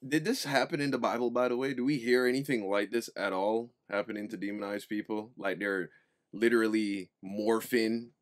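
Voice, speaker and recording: A man's voice: lowish voice, fairly even intonation, normal speed, no echo. A man co-hosting a reaction show, questioning a clip in a mocking, incredulous way. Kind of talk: reaction commentary.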